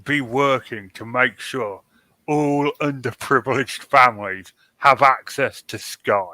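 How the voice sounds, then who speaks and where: Slow, sarcastic man, dry close sound. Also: medium pitch, pushed and bright, no echo. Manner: sarcastic, laughs through jokes. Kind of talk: casual chat.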